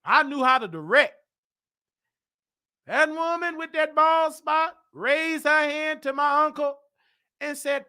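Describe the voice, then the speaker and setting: A man hosting a show, telling a church story in a dramatic, preacher-like way that rises to shouts. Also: very high-pitched, takes it slowly, pauses often. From Chicago. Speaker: show host. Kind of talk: animated storytelling monologue.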